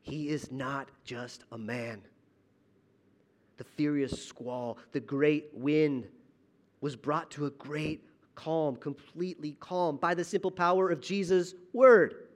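A man pastor preaching a sermon in a church auditorium, dramatic, swinging between loud emphasis and hushed asides. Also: fairly high pitch, steady tone, slow pace.

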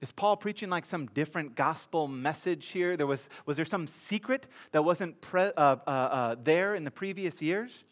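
High-voiced pastor telling a comic story. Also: male voice, normal speed, hardly any pauses. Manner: animated storytelling, comic asides to congregation. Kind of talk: sermon.

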